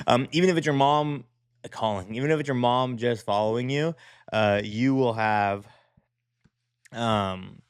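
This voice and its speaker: A man's voice: mid-range voice, a little slow, clean tone, no room sound, studio quality. A man hosting a design show, chatting casually and rambling with many fillers and restarts. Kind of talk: casual commentary on design work.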